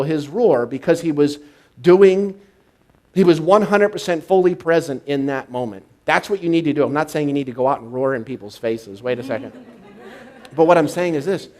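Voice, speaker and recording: Impassioned male minister preaching. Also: sits high. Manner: swings from hushed and intimate to loud and excited. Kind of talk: sermon. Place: church service, live.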